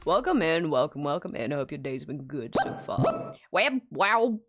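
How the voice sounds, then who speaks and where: Low-voiced chatty woman streamer. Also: very animated, moderate pace, faint music behind. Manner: chatty, greets viewers by name, laughs often. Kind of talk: casual live-stream chat.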